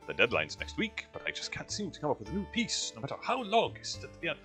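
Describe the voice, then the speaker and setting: A man's voice: a little high, huge pitch swings, fast, fairly bright tone, soft background music, pitched above the performer's own voice, full character voice. A man voicing a frustrated male pianist who is stuck on a piece, in a weary, raised voice.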